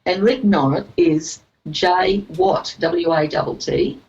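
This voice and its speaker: A woman's voice: on the low side, huge pitch swings, slow, gravelly, a little mellow, dull audio. A woman guest telling a personal story in a casual chat. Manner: storytelling, laughs easily.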